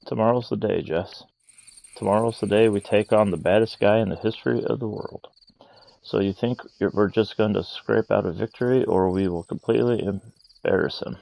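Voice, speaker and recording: A man voicing a cocky, brash young fighter in a game, boastful and gruff. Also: on the low side, normal speed, mellow, rough recording. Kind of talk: game voice acting.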